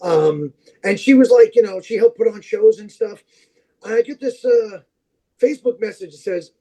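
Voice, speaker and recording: A man who is a podcast guest, telling long, animated anecdotes in casual chat, with plenty of fillers and restarts. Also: high-pitched, normal speed, low-quality recording.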